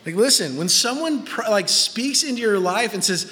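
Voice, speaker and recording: A man in his thirties preaches a casual, joking sermon with a bright, forceful voice that sits fairly high. His pitch jumps up sharply when he acts out quotes. The hall adds a long, ringing reverb. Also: normal speed. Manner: animated and joking, pitch jumping up when quoting. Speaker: pastor.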